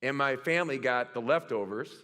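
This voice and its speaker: A middle-aged male pastor preaching a sermon, telling stories with animated, self-mocking humor. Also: medium pitch, brisk.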